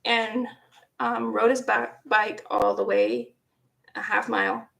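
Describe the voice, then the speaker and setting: A woman around forty casually telling a personal story, animated, laughing often and dropping into hushed asides. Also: mid-range voice, takes it slowly, creaky. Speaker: vlogger.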